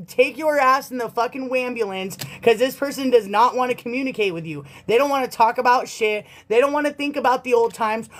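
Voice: mid-range voice, brisk, few pauses. Blunt, foul-mouthed tarot reader. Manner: blunt, profane, sassy. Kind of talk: casual tarot reading monologue.

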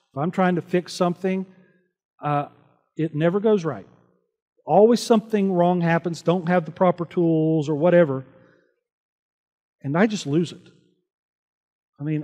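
Speaking in a large hall, a church sanctuary, this pastor has a fairly high pitch and darkish tone. His sermon is earnest and conversational, peppered with rhetorical questions to the congregation.

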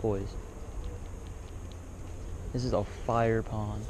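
Man, fishing vlogger, loose rambling talk to viewers, outdoors by a pond with clear background noise. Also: fairly low pitch, little pitch movement, drawn-out words. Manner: rambling, talks to viewers and animals. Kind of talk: casual outdoor vlog.

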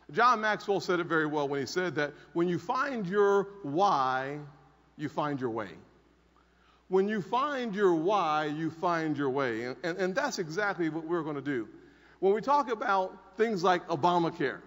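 A man's voice: a little high, expressive, moderate pace, fairly bright tone. A man in his forties giving an emphatic conference speech, telling a personal story and repeating key lines from a podium microphone. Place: large conference hall. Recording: dull audio with long hall reverb.

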